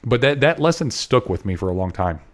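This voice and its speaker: A man's voice: mid-range voice, sing-song, fairly quick. A man as a podcast guest, telling a story in an earnest, rambling way full of restarts and repeated words. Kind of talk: casual storytelling interview.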